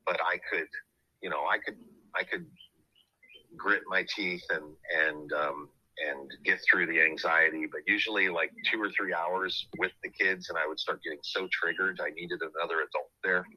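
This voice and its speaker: Low husky-voiced man telling a story. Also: fairly even intonation, moderate pace, pushed and bright, no room sound, low-quality recording. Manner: earnest, reflective. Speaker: podcast host. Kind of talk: personal storytelling.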